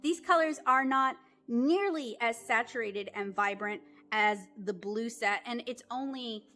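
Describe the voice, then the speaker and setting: A woman's voice: a little high, measured pace, bright, forceful tone, soft background music. Chatty woman reviewing art supplies. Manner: chatty, frank opinions, small laughs. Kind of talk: casual product review.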